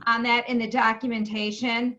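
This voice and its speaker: Woman, direct and pointed, bright tense voice, dull call audio. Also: a little high, flat delivery, normal speed. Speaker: caller asking questions. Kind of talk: video-call question.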